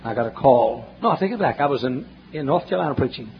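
A man preaching a sermon, telling folksy stories and swinging between loud emphatic questions and hushed asides, in a church. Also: medium pitch, expressive, quick pace, slight background noise. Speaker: pastor. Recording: dull lo-fi sermon recording, faint ambience.

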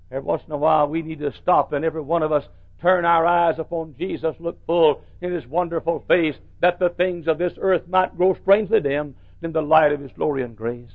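A middle-aged male pastor preaching a sermon, swinging from soft storytelling to loud shouted calls. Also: a little high, a little fast, highs cut off.

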